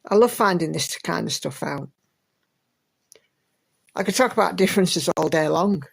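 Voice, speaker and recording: A woman's voice: fairly low pitch, moderate pace, gravelly, slightly rough, poor audio. An English woman hosting a livestream, chatting and reading out viewer comments with lots of fillers. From England. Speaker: livestream host.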